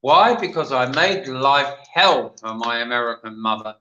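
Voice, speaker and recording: A man's voice: medium pitch, lively intonation, moderate pace, bright, forceful tone, roomy sound, dull audio. An older man with an English accent, telling rambling stories as a guest on a livestream panel chat. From England. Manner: chatty, rambling storyteller.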